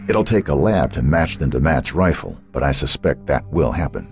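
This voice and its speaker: A man voicing a calm, firm lawyer who speaks reassuringly, in an audiobook. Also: extremely low pitch, normal speed, faint music behind, full character voice. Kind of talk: audiobook character voice.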